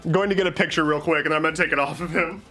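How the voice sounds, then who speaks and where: A man's voice: on the high side, fairly even intonation, racing, sharp tone, soft background music. A man streaming live, chatting casually with a playful, rambling, jokey manner.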